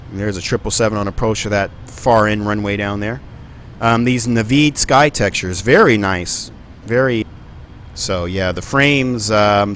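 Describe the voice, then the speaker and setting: A man's voice: lowish voice, a bit bright, a little hiss or hum. A man giving live stream commentary on a flight simulator, rambling and thinking aloud with plenty of ums and uhs.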